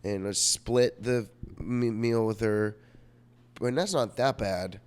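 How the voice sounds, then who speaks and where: A man's voice: fairly low pitch, slow, darkish tone, clear, resonant tone. A young man telling a rambling personal story in a vlog, profane and self-mocking, full of fillers, and sick. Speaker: vlogger.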